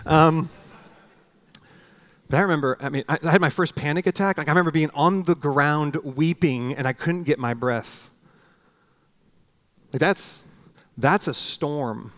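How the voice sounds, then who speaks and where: A preaching man, animated and emphatic. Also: a little slow, pauses often. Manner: dramatic, acts out prayers and dialogue with swings in pitch and volume. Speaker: pastor. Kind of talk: sermon.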